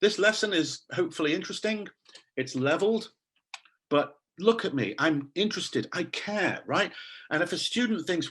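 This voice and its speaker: Animated man leading an online class. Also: a little high, moderate pace, slight background noise. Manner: enthusiastic and animated; quizzes the audience, reads names from chat. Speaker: teacher trainer. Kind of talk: online teacher training talk. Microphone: video call.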